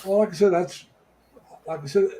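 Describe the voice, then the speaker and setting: Middle-aged American man, slightly higher voice, hosts a casual live chat and rambles through fillers. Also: warm tone, rough recording. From United States. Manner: rambling, halting with many fillers. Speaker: livestream host.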